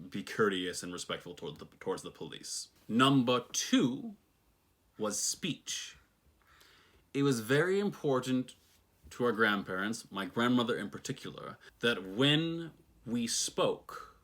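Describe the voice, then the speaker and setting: A man's voice: fairly low pitch, a bit bright. A man telling a story from his own life in a thoughtful, reflective way, with the odd wry aside. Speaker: personal storyteller. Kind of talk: reflective personal storytelling monologue.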